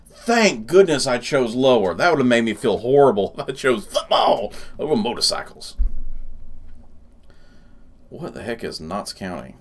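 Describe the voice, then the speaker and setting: Casual male gaming host, animated pitch, chatty and quick to laugh. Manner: chatty, laughs often, thinks aloud. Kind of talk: casual gameplay commentary.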